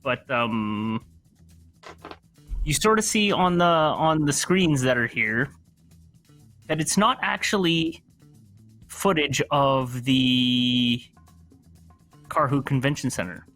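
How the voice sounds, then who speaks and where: Male GM, mid-pitched, stumbles and restarts while narrating a tabletop game. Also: fairly bright tone, soft background music. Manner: halting, full of fillers and restarts. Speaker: game master.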